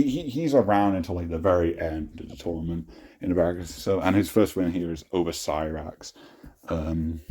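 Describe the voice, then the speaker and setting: A man's voice: low-pitched, mellow. A young adult man hosting a casual talk, cringing at his own old writing, swearing often and laughing at himself. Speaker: host.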